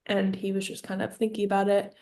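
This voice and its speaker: A young woman co-hosts a casual comedy podcast and spins absurd tales with playful mock seriousness. Her voice sits at an ordinary middle pitch, and she keeps the chat loose and jokey. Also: completely flat delivery, fast talker, warm tone. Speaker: podcast co-host.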